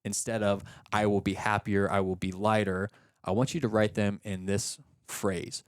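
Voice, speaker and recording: A man's voice: fairly low pitch, moderate pace, clear, resonant tone, dry recording, clean studio sound. A man who is a father of young children, coaching a client and explaining each step patiently on a podcast. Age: young adult or middle-aged, a father of young kids. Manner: explaining in a steady teaching way, often acting out example questions. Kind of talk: coaching session chat.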